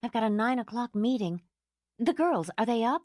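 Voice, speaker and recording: A woman's voice: a little high, expressive, normal speed, a little mellow, no echo, studio quality, voice pushed up, lightly acted. A woman reading an audiobook, voicing a tired, kind young mother who speaks reasonably. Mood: weary.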